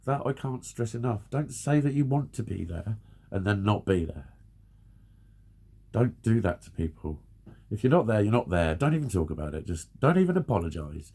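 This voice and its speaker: A man's voice: on the low side, lively intonation, moderate pace, darkish tone, husky. A man in his forties giving blunt, sweary, earnest advice in a ranting monologue. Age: 40s. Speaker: vlogger.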